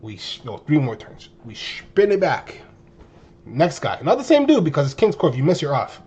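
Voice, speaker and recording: A man in his twenties telling a story to his viewers in a casual, animated way, full of slang and exaggeration. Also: on the high side, normal speed, husky, lo-fi sound. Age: 20s. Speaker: streamer.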